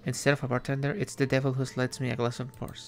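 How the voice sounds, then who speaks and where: Gravelly-voiced man reading a game. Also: medium pitch, little pitch movement, faint music behind. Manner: measured, reflective reading with small asides. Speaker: streamer. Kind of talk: reading game text aloud.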